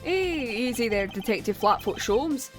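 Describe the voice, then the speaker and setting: A jaunty, easygoing older rogue of a lawyer, put on by a woman, full of slang and drawling cheer. The voice sits a little higher than her usual. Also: lively intonation, measured pace, faint music behind.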